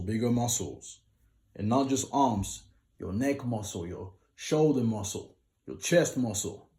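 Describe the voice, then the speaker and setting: Addressing his audience directly, a man who sings walks viewers through vocal advice as simple numbered lists, keeping the vlog calm and unhurried. He has a mellow, dark voice that sits slightly low.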